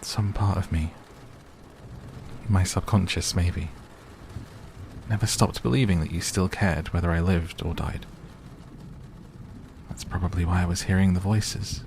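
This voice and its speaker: A man gives voice to an earnest teenage girl who gropes for words as she talks. The voice sits low and gravelly, and the delivery stays hesitant, as if she is working it out aloud. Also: steady tone, a little slow, long pauses, darkish tone, slight background noise.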